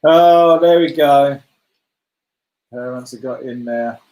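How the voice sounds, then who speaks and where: Hosting a video-call letter-guessing game for a kids' club, this man chats and encourages, calling out players by name with praise. He speaks slowly in a medium-pitched, darkish voice, and the room adds echo.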